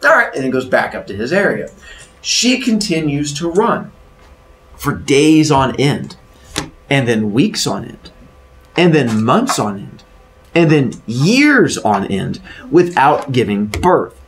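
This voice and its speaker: A man's voice: medium pitch, big pitch swings, slow pace, a little hiss or hum. A man retelling a myth as a teacher, in a playful, jokey way. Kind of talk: animated storytelling lesson. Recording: roomy, distant mic.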